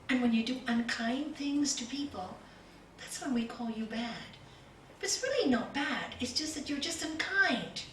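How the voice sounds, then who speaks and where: A woman's voice: high-pitched, a bit bright, a little hiss or hum. An older woman giving a spiritual talk as a yoga teacher to a group, telling stories, asking rhetorical questions and repeating words for emphasis. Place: hall with a group. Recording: roomy echo, from a distance, faint ambience.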